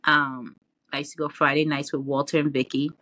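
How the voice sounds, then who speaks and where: A woman guest in a casual interview, telling her story in an animated way with lots of laughs and fillers. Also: deep voice, a little fast, no echo. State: tearful, near crying.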